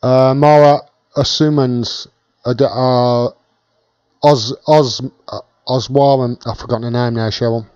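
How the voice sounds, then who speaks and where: A man's voice: medium pitch, steady tone, unhurried, a little mellow, clean tone, dry recording, lo-fi sound. Chatty British man hosting a live stream. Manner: chatty, thanks viewers by name while reading comments.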